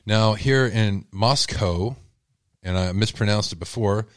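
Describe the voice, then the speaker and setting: Blunt low-voiced Texan man. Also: measured pace, smooth, dry recording, clean studio sound. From Texas. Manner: blunt, heated, rambling. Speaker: true-crime channel host. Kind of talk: casual commentary to viewers.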